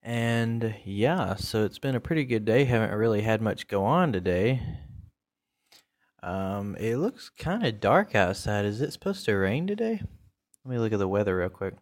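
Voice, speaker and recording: Male podcast host with a lowish voice; relaxed, rambling solo chat full of ums and uhs. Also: normal speed. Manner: rambling and laid-back, with many fillers.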